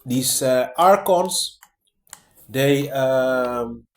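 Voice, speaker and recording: A man's voice: mid-range voice, drawn-out words, reverberant. A man talking casually to his viewers in a rambling way, full of fillers, restarts and "man" and "guys". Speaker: vlogger. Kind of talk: casual monologue to camera.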